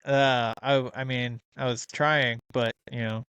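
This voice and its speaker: Male podcast host, relaxed interviewer, smooth clear voice, dry close sound. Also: mid-range voice, measured pace, no echo, highs cut off. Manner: easygoing, laughs often, many ums. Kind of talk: casual interview chat.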